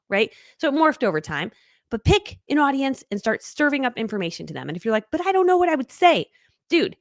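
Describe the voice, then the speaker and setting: A woman's voice: mid-range voice, fairly bright tone, no room sound, clean studio sound. A woman in her thirties from New England, leading a live online training as a business coach, talking in a bubbly, chatty way with playful acted quotes. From New England, United States.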